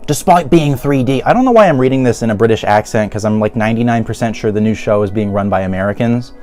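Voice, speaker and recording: A man's voice: mid-range voice, dark tone. A man giving a sarcastic, exasperated commentary rant, laughing often as he goes. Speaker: YouTuber. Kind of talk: ranting commentary.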